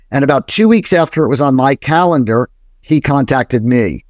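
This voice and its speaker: A man in his sixties from New Jersey, talking as a podcast guest and telling a long anecdote in a loose, rambling way with lots of fillers and an occasional curse. His voice sits at an ordinary middle pitch. The sound is close and dry. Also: brisk, darkish tone, no room sound. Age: 60s. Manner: rambling, frequent fillers and restarts, profane. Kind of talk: casual interview storytelling.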